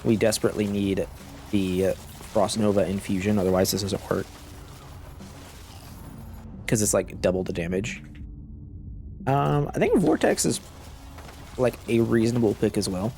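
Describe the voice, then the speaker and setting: Gaming host, male, low and gravelly, sore throat, laid-back running commentary. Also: animated, moderate pace, long pauses, a little mellow, soft background music. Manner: low-key, musing aloud while playing. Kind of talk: casual gameplay commentary. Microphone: cough drop in mouth.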